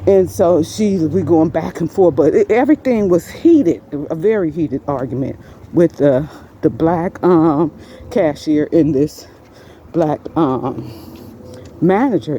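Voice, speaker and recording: Woman, storytime vlog, mellow lowish voice, rambling, faint background noise. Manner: animated, jumps much higher in pitch when quoting herself and others; rambling, many fillers and restarts. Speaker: storyteller recounting an incident. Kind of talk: casual first-person storytime.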